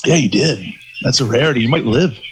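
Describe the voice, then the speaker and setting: A man co-hosting a podcast, telling stories in a casual, profane, animated way. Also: mid-range voice, brisk, slight background noise, rough recording. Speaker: podcast co-host. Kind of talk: casual storytelling chat.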